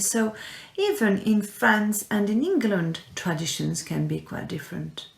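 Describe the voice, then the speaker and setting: A woman teaching French to young children in a recorded lesson, speaking clearly and encouragingly and repeating words for her pupils. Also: medium pitch, big pitch swings, unhurried. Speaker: primary school French teacher. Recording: echoey room.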